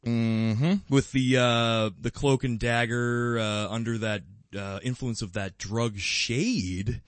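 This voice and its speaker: A man's voice: medium pitch, fairly even intonation, slow pace, clear, resonant tone, no room sound. A man co-hosting a podcast in casual fan chat, rambling with lots of fillers and restarts, with bursts of enthusiasm. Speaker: podcast co-host.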